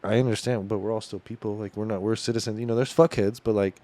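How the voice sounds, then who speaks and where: A man talking quickly in casual podcast chat. He asks a lot of questions, thinks out loud and swears in an offhand way. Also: lowish voice, fairly even intonation, no room sound.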